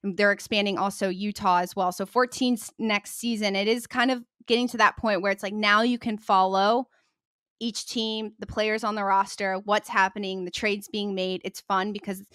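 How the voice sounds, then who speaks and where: Upbeat woman co-host, mid-pitched voice, dry close recording, keeps the sports chat moving. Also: fairly even intonation, normal speed, fairly bright tone, smooth, no echo. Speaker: podcast co-host.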